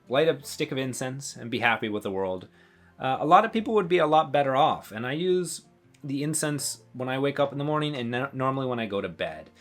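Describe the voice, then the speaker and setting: Relaxed rambling man, casual talk. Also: mid-range voice. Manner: relaxed, rambling, with fillers and laughs. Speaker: channel host.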